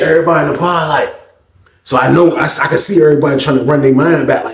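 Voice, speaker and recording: A man telling a profane prison story in a casual, animated way, acting out the other people's voices. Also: a little high, quick pace. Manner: animated, acts out others' voices, heavy cursing. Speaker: storyteller vlogger. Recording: echoey room.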